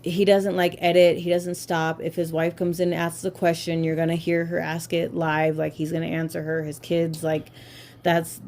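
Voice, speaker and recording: Woman podcast host with a mellow voice and faint background noise, talking candidly and casually. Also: sits low, monotone, normal speed. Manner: candid, profane, filler-heavy. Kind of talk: casual chat.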